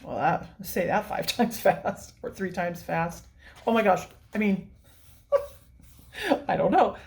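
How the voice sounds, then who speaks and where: Woman vlogger, medium pitch, chatty and enthusiastic, quick to laugh. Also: a little mellow. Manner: chatty, gushing, laughs often. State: tearful, near crying. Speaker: coloring book channel host. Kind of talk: casual show-and-tell vlog.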